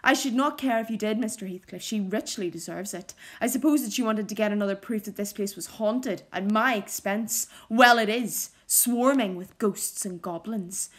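A woman reading the lines of a nervous, fussy gentleman who is a house guest, speaking in a formal, wordy way. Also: medium pitch, natural voice.

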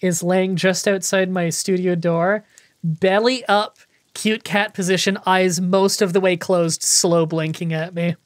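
A woman's voice: on the low side, steady tone, a little slow, no room sound. A woman hosting casual multiplayer gameplay commentary from her home studio, chatty and prone to rambling anecdotes with casual swearing. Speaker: gaming channel host.

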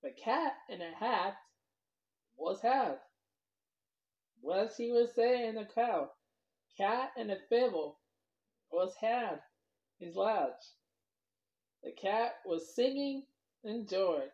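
A woman's voice: mid-range voice, animated, slow pace, pauses often, darkish tone. A woman vlogger telling a children's story, rambling loosely and talking to the kids as boys and girls. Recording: dull lo-fi recording.

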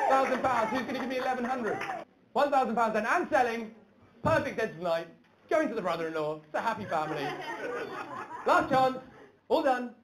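Brisk woman auctioneer in a busy hall. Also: a little high, expressive, heavy background noise. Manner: brisk, upbeat, teasing bidders. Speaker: charity auctioneer. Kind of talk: live auction calling. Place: indoor event hall. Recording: echoey hall with chattering crowd.

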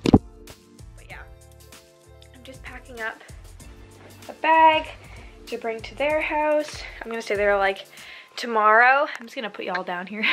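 A woman's voice: fairly high pitch, fairly bright tone. Bubbly chatty young woman vlogger. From Canada. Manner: chatty, bubbly, laughs often. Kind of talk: casual day-in-the-life vlog. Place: home, indoors.

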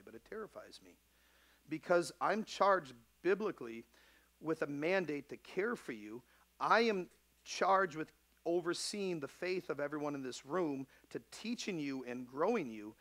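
A man in his thirties preaches a sermon as the pastor of a church. His voice sits fairly high for a man. He talks in a passionate, conversational way, dropping to a near hush and then rising to shouting. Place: church sanctuary.

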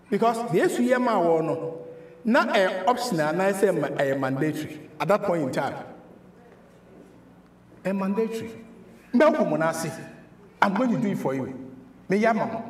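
Animated Ghanaian pastor preaching in an echoey hall. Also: male voice, high voice, moderate pace. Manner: switches between English and Twi, animated preaching with repeated words. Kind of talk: sermon. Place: church hall.

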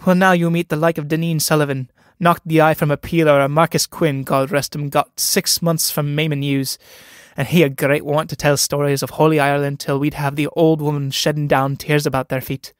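Spirited, teasing young country woman, read by a man; sharp and impatient, lifted voice. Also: on the high side, flat delivery, fairly quick, smooth, dry recording, clean studio sound, close to an everyday voice. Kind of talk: dramatic play reading.

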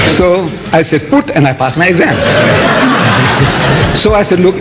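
A man's voice: a little high, expressive, normal speed, background noise. A man from India, giving a theatrical public religious lecture, spelling out words and mimicking others.

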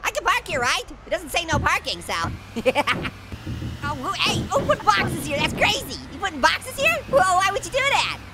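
Cartoon orange, male: very high, bouncy, giggly, pun-happy game commentator; noisy track. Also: big pitch swings, normal speed, exaggerated voice. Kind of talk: gameplay commentary. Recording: noisy recording.

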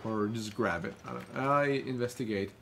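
A man's voice: on the low side, moderate pace, gravelly, background noise. A man playing a video game with a friend, chatting casually, joking and calling out moves. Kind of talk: casual gameplay chat.

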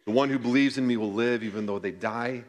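A pastor reading scripture aloud in church and reflecting on it in an earnest sermon, slowing down to stress key points. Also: male voice, medium pitch. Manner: earnest, reads scripture then reflects, slows for emphasis.

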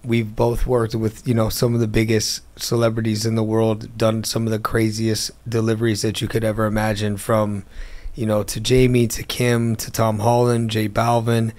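A man's voice: lowish voice, monotone, moderate pace, a little mellow. A man, a guest in a casual interview, telling a long story and acting out the phone calls in it. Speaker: interview guest, car dealer.

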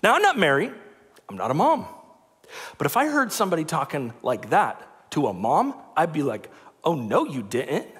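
Animated man preaching in a reverberant church. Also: fairly high pitch, moderate pace. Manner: lively, joking, conversational preaching. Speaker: pastor. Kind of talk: sermon. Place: church sanctuary. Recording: long reverb of a large church hall.

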